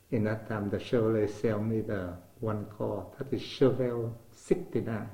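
An older man speaking non-native English with simple grammar, telling his life story as an interviewee in a lively way. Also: fairly low pitch, normal speed, gravelly, hardly any pauses, reverberant, muffled recording. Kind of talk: oral history storytelling.

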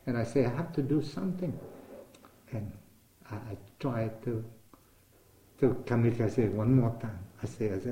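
A man's voice: mid-range voice, moderate pace, long pauses, lo-fi sound, slight background noise. Older Vietnamese-accented man telling stories. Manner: animated, acts out remembered dialogue, repeats words while searching. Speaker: interviewee. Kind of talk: storytelling in conversation. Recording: roomy echo.

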